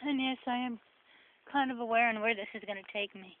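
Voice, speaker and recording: Walking along a forest path, a New Jersey–accented woman delivers a sarcastic, rambling vlog, talking a little fast in a fairly high voice. The audio has a thin, phone-like quality and a bit of background noise.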